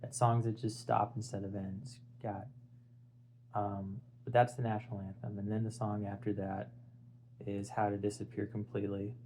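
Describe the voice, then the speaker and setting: A young music video essayist talks casually and unscripted about an album, rambling, leaning on fillers, restarting and searching for words. His voice is lowish and mellow with a level tone at normal speed, on a low-quality recording with slight background noise.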